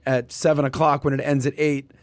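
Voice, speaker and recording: A man in casual podcast chat, telling animated anecdotes. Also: medium pitch, fairly quick, no echo.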